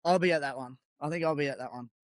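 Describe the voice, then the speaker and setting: Australian man, middle-aged, podcast co-host, casual and jokey, slightly high voice, dry close sound. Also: fast, no room sound. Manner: laid-back, laughs often, says mate a lot. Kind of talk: casual chat.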